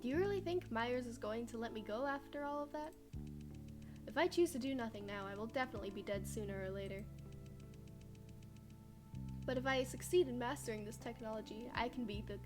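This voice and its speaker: A woman voicing an earnest young man who speaks formally and calmly. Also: fairly high pitch, close to an everyday voice. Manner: calm, earnest, formal speech. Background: game music.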